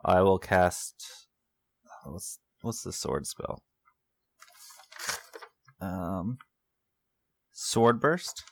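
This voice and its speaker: A man's voice: low voice, expressive, drawn-out words, gravelly, pauses often, noisy background. A man playing in a tabletop role-playing game, thinking aloud and hesitating as he decides on his moves. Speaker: player. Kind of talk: casual tabletop game play.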